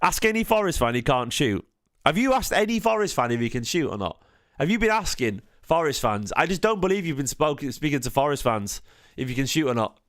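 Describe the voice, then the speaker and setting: A man's voice: fairly high pitch, sing-song, brisk, fairly bright tone. A tired man, hosting a casual football fan stream, rambling with frequent restarts and questions to his chat. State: tired, half asleep. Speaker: football fan channel host.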